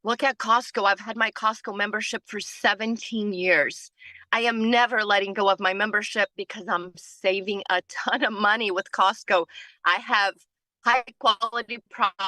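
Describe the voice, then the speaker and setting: A woman giving a motivational team training talk, earnest and worn out from not sleeping. Her voice is bright and forward, and she drives points home by repeating them. The sound is dry and close, with little room echo. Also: medium pitch, steady tone, normal speed. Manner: earnest, repeats phrases for emphasis. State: tired from lack of sleep. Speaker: team leader.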